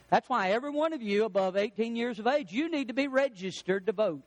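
A man's voice: extremely high pitch, lively intonation, fast, few pauses, no echo. A man preaching a sermon, emphatic, drawing out the words he stresses.

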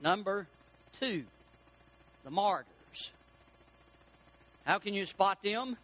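High, bright-voiced preaching man. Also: takes it slowly. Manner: animated preaching, rising to shouts for emphasis. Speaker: pastor. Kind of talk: sermon.

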